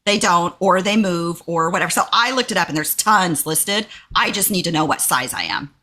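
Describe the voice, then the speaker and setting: A woman's voice: lowish voice, normal speed. A woman from Texas co-hosting a podcast, telling a story in casual chat and acting out quoted lines in a raised voice. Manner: animated, acts out quotes in a raised voice. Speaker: podcast co-host.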